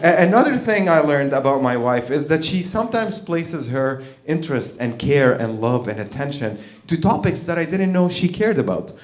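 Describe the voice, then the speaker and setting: A man's voice: a little high, sing-song, moderate pace, few pauses. A man performing a profane stand-up set, acting out both sides of his stories on a comedy club stage. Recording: roomy live club sound.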